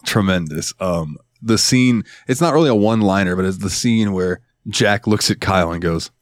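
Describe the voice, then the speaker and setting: A man's voice: deep voice, moderate pace, hardly any pauses, dry recording, studio quality. A man co-hosting a podcast in casual, laid-back chat, mumbling a bit and often quoting movie lines. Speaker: podcast co-host.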